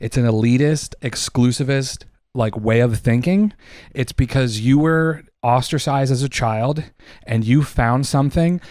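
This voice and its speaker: A man's voice: medium pitch, dry recording. Heated, swearing man ranting close to the mic. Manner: heated, emphatic, swearing, talks loud. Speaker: podcast co-host. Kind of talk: profane opinion rant.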